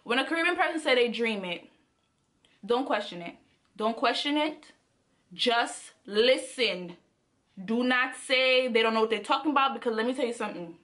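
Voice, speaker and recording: A young adult woman telling a story to her viewers in a chatty, animated way. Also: a little high, brisk. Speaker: vlogger. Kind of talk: casual storytime.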